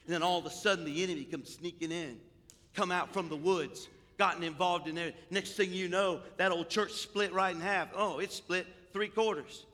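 A man's voice: sits high, fairly even intonation, normal speed. Older preacher man in an echoey hall. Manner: swings from hushed storytelling to loud preaching. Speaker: pastor. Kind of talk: sermon. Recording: echoey hall with long reverb.

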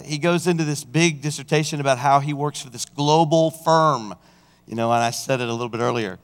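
A man preaching a sermon as senior pastor, fervent and building in force, recorded in a church sanctuary. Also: mid-range voice. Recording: church hall reverb.

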